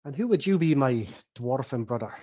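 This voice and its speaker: A man's voice: medium pitch, animated, fairly quick, dark tone, dull audio, close to an everyday voice. A man doing a friendly old dwarf emissary. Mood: hearty.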